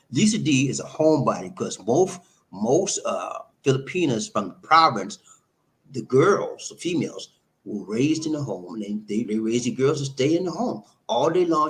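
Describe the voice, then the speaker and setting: A middle-aged man hosting a live stream, giving relationship advice in a loose, animated, repetitive way and laughing often. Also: medium pitch. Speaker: host answering viewer comments.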